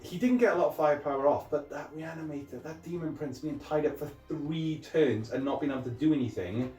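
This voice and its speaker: A man's voice: a little high, brisk, dark tone. A man hosting a tabletop wargame channel, talking through dice rolls in a joking, self-deprecating way. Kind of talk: casual tabletop game commentary. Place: game room. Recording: echoey room with music underneath.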